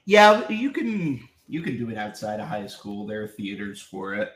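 A man's voice: on the low side, very animated, normal speed, fairly bright tone. A young adult man, a voice actor, chatting casually in a live Q&A while signing autographs. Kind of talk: casual live-stream Q&A chat. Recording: roomy echo.

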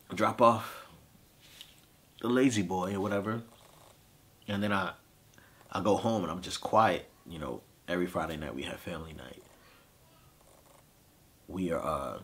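A grieving man in his thirties with a very low, deep voice, recounting a family loss. He talks in halting, emotional bursts, restarting sentences and leaning on fillers. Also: a bit bright. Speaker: podcast host. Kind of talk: personal storytelling.

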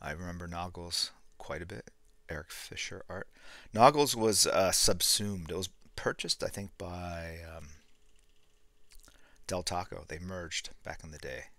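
Older man, very low voice, casual streamer talk, rambling, dry close mic. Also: a little slow, no room sound. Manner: rambling, gets loud and worked up then trails off quietly. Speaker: artist streaming while drawing. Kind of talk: casual live-stream chat reading comments.

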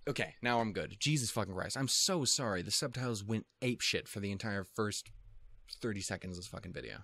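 A man with a fairly low voice talks through an anime reaction in loose, rambling commentary. He swears constantly, apologizes and mocks himself when things go wrong. The sound is close and dry, with no room echo. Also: a little fast, creaky, pushed and bright. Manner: profane, self-deprecating, easily flustered. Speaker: anime reaction video host.

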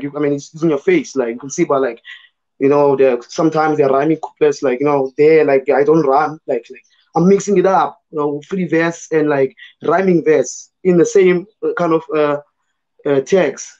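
A man from South Africa with a hoarse voice, talking loosely about his writing as a guest in an online panel, full of fillers like "you know" and "man". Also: on the high side, normal speed, a little mellow, lo-fi sound. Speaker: guest poet. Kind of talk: casual conversation in a virtual panel.

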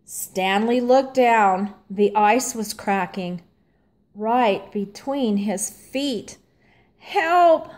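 Slow gentle woman reading a storybook. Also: medium pitch. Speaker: storybook reader. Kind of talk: children's storybook read-aloud.

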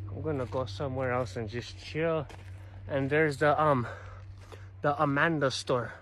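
A medium-pitched, slightly bright voice comes from a vlogger strolling outdoor trails, his intonation fairly even and pace measured. Chatty and swearing often, he speaks straight to the camera and to "you guys," his viewers, amid slight background noise.

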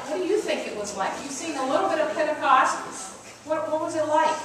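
A woman pastor giving an interactive sermon, playfully coaxing the congregation to join in. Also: high voice. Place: church sanctuary. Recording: echoey church recorded from far off, noisy.

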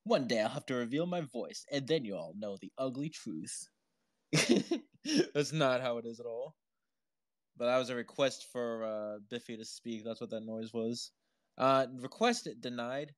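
Through the built-in mic on his headphones, a man chats on a live audio stream at normal speed with a medium-pitched voice. He pauses often, rambles with lots of "like" and "uh," and laughs frequently.

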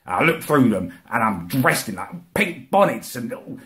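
A man ranting for comedy, full of indignation and swearing. His pitch leaps all over the place, from low muttering grumbles up to shrill outraged peaks, at a mid-range base. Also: very animated, normal speed, few pauses, fairly bright tone. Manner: indignant, swearing, voice climbs high when outraged. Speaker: comedy ranter. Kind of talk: comic rant monologue.

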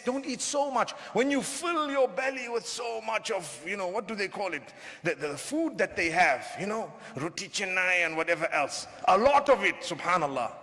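A man preaching to a live crowd with a very high voice for a man, carried by a long hall reverb. He is animated and humorous and keeps throwing questions at his listeners. He is from southern Africa. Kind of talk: lecture to a live audience.

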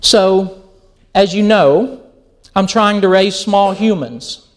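A man's voice: sits high, takes it slowly. A middle-aged man giving a sermon as a pastor, telling stories and acting out quoted dialogue. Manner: animated storytelling, acts out quoted dialogue.

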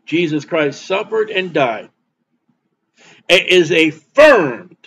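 High-voiced emphatic man preaching a sermon. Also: animated, slow pace, creaky, a bit bright, husky, rough recording. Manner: emphatic, repeats points for stress. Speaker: pastor.

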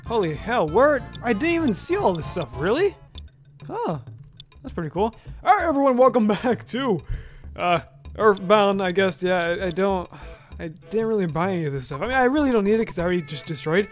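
Man, high-pitched voice, casual game commentary, chatty and loose, faint game music behind. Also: big pitch swings, a little fast. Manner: loose, chatty, with mild swearing and self-talk. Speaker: gaming video host. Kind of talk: casual let's-play commentary.

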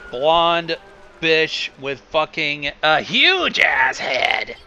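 A man's voice: fairly high pitch, big pitch swings, very slow, gravelly, bright, forceful tone, clear, resonant tone, lo-fi sound. A man hosting a riff on a film, in casual, profane and sardonic commentary. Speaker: host riffing on a film.

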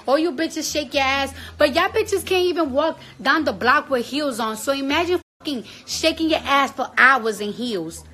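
High, bright-voiced New woman. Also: rough recording. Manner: loud, blunt and profane; coos at her baby. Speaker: livestream host. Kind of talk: casual livestream chat.

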